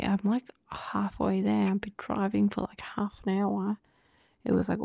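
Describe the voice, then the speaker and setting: Very gravelly, husky woman's voice. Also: mid-range voice, dark tone, dry recording. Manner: often drops into a breathy near-whisper; quotes others in dialogue with many fillers. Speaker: podcast co-host. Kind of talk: casual personal storytelling.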